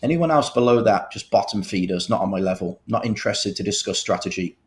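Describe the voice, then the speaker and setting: Brummie poker commentator in his thirties, lowish voice, joking and boastful. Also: lively intonation, brisk. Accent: Birmingham English. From England. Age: 30s. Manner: jokey, self-mocking, playful boasts. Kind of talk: live commentary banter.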